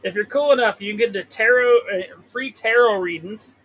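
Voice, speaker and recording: High-pitched guy swearing at stock charts on his live stream from a trailer. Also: moderate pace, a bit bright, rough recording. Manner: profane, rambling, talks to the chart. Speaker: livestream host trading stocks. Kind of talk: casual live-stream chat. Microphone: desk mic with pop filter.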